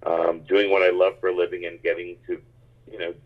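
Low husky man on a tinny line. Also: a little fast. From United States. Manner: animated, rambling anecdotes with many restarts. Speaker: stand-up comedian, guest. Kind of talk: casual interview storytelling.

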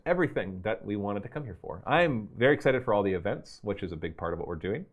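A man hosting a casual stream, answering viewer questions in an animated, chatty way and laughing easily. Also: lowish voice, fast talker. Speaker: host and game master of a gaming store stream.

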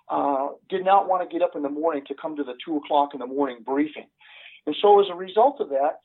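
An older man, a retired police sergeant, telling a story in an interview in an earnest, halting way with many "uh" fillers. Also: on the high side, slightly rough. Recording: tinny phone line.

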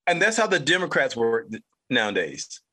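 Bright-voiced fifties man telling a story. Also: medium pitch, big pitch swings, moderate pace, slightly rough. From North Carolina, United States. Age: 50s. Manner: rambling, repetitive, chuckling anecdotal delivery. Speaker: podcast host. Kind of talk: casual storytelling monologue.

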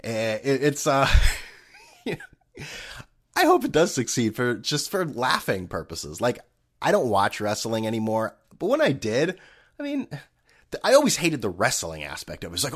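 A man's voice: mid-range voice, wildly swooping pitch, moderate pace, breathy edge. A man hosting a solo sports podcast, ranting with sarcasm and profanity. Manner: ranting, sarcastic, profane, mocking voices in quotes. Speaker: podcast host.

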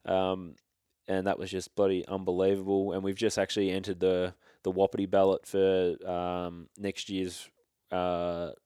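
Laid-back Australian man, deep flat voice. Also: moderate pace, clear, resonant tone, no room sound, studio quality. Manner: laid-back, rambling, frequent restarts and slang. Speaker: hunting guest. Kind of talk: casual storytelling chat.

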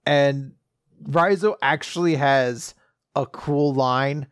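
A man's voice: mid-range voice, slow, clean tone, dry recording, clean studio sound. A man co-hosting a podcast who gives wry, exasperated commentary. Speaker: podcast co-host. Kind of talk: casual chat.

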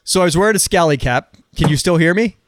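Animated young co-host, swearing. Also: male voice, fairly high pitch, fast, slight background noise. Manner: animated storyteller, swears, laughs a lot. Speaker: podcast co-host and editor. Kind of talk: casual podcast banter.

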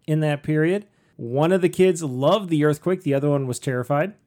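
A man's voice: fairly high pitch, darkish tone. Rambling, joking man co-hosting a podcast. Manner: rambling, jokey, drawn-out asides. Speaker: podcast co-host. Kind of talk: casual chat.

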